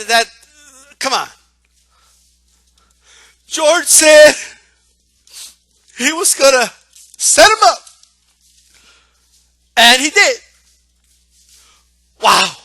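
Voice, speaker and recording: A boxing commentator rants casually about the sport in a high, sharp-toned male voice with no room sound. He's profane and mocking, repeats himself often, and slips in sarcastic asides.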